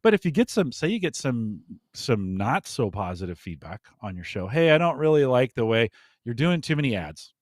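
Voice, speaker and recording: A man talking as a guest in a casual podcast chat, animated and often chuckling, with frequent restarts. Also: medium pitch, moderate pace, no room sound, clean studio sound.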